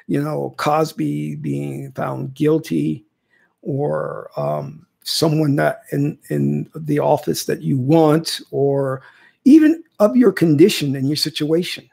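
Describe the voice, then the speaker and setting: A man's voice: a little high, vocal fry, warm tone, husky. A man teaching spiritual ideas in casual livestream talk, often checking in with "okay?" and repeating phrases. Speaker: spiritual teacher answering viewer questions.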